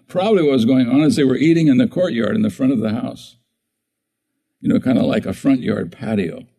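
A man's voice: mid-range voice, gravelly, dark tone, slightly rough, low-quality recording. A man preaching a sermon in a conversational way, often asking the congregation questions. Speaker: pastor.

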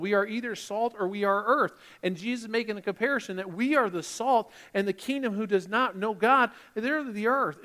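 A man's voice: high-pitched, a bit bright, long reverb tail. A man preaching a sermon as pastor, building emphasis and briefly mimicking churchgoers.

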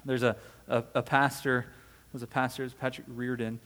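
A man's voice: mid-range voice, little pitch movement, normal speed, fairly bright tone, big-room sound. A man delivering a sermon as a pastor, conversational and full of rhetorical questions, often checking in with "right?".

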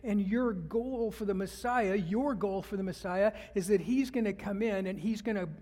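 A man's voice: sits high, moderate pace, mellow, long reverb tail. A man preaching a sermon as pastor, talking conversationally and asking the congregation questions.

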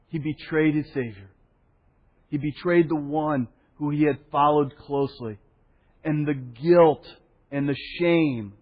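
A male pastor preaches a sermon at medium pitch, giving the story's characters animated voices and dropping to a soft hush for solemn points. The sound is dull, in a hall with long reverb.

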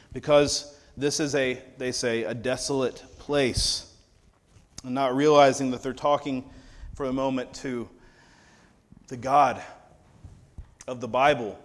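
A man preaching a sermon in a conversational, wry storytelling manner. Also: mid-range voice. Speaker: pastor.

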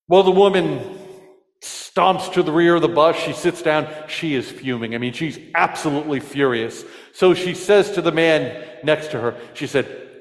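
A joking preacher in a reverberant church. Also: male voice, a little high, moderate pace. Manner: storytelling, animated, asks the congregation questions. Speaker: pastor. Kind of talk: sermon with jokes.

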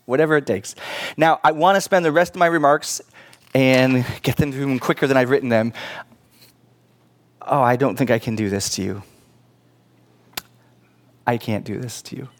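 A man's voice: medium pitch, moderate pace, long pauses. A middle-aged man preaching a sermon in church, earnest and pleading, with casual asides to the congregation. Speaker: pastor.

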